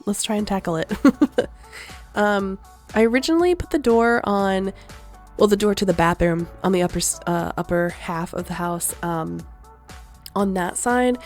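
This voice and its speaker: A young woman narrating her gameplay in a loose, rambling way, stopping to search for words and breaking into easy laughs. Her voice sits at an ordinary middle pitch, with faint music playing underneath. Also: darkish tone. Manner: chatty, rambling, laughs often. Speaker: gaming vlogger. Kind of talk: casual voice-over commentary.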